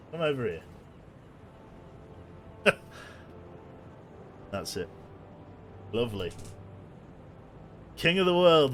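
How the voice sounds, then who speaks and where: A man's voice: mid-range voice, a little hiss or hum. A man giving casual, jokey commentary while streaming a game, chatting with viewers and swearing now and then.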